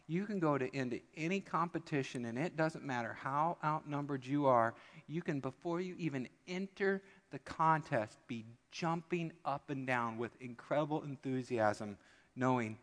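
A man's voice: medium pitch, normal speed, a bit bright. Man preaching in a reverberant church. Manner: humorous storytelling with acted-out voices. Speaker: pastor. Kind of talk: sermon. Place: church sanctuary. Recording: long church hall reverb.

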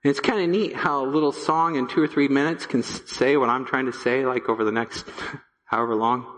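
A man's voice: steady tone, a little fast. Emphatic preaching man in a reverberant church. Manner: emphatic, repeats key phrases, drops to a low hush. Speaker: pastor. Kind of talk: sermon. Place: church sanctuary.

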